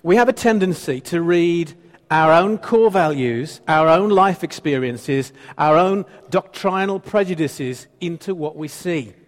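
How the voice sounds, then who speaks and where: A man's voice: fairly high pitch, measured pace, big-room sound. A man in his fifties, a pastor preaching a sermon, playful and teasing with the congregation and repeating phrases for emphasis. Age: 50s.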